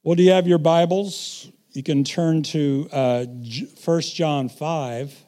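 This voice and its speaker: A middle-aged man preaching a sermon, telling stories and swinging from quiet asides to loud, emphatic bursts. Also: fairly high pitch, unhurried.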